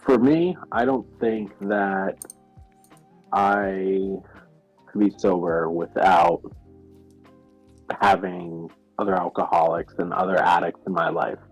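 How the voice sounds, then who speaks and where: A man joining a casual chat about staying sober, reflective, often pausing to find his words. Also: low voice, steady tone, faint music behind, rough recording.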